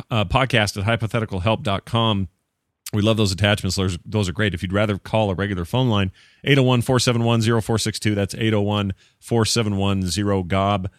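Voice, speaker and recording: Laid-back podcast co-host, a man with a low voice and a Utah accent, close dry mic. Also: no echo. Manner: laid-back, laughs easily. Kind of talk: casual chat.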